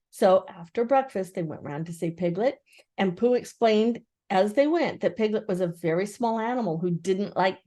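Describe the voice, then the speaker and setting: A woman's voice: medium pitch, mellow. Older woman reading a children's storybook. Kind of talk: reading a children's book aloud.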